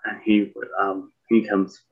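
A man from Michigan co-hosting a podcast, telling a rambling story with many pauses and restarts. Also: on the low side, level tone. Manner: rambling, full of fillers and restarts. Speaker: podcast co-host. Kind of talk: casual storytelling chat. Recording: dull lo-fi sound.

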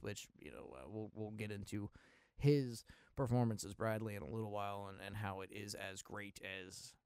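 Casual podcast host, a man who rambles through film talk with restarts, cursing and excited bursts; smooth voice, dry. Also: fairly low pitch, dry recording. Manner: rambling, profane, full of restarts and asides; excitable, with sudden loud bursts. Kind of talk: casual film review monologue.

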